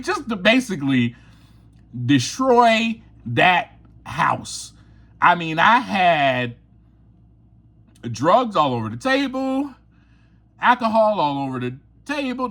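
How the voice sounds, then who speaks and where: A man's voice: on the high side, a bit bright. A man hosting his own podcast, telling a personal story in a candid, confessional way and laughing often. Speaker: podcast host.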